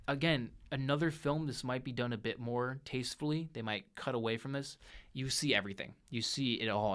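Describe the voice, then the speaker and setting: A young podcast host reviewing movies casually and animatedly recaps a film's storyline in a monologue, briefly acting out characters' lines along the way. His pitch is medium.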